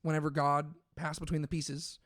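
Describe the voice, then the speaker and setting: A man co-hosts a laid-back scripture discussion, working through his ideas out loud with frequent fillers and self-corrections. His voice sits a bit higher than most men's, and the sound is close and dry with no room around it. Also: flat delivery, normal speed, no room sound. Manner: thinks aloud with many fillers and restarts. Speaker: podcast co-host. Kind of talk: casual Bible discussion.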